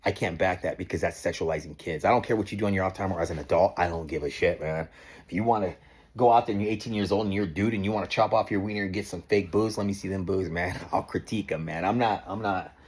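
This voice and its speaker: A man's voice: deep voice, quick pace, a little mellow, breathy edge. A man in his forties, ranting in a heated, profane vlog monologue, stumbling over repeated words and tacking "man" onto his sentences. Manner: repeats and restarts words when worked up. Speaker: motorcycle owner vlogger.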